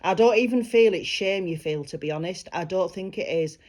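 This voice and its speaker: A woman working as a psychic medium, giving a private reading in a gentle, reassuring way and relaying spirit messages. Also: lowish voice, brisk.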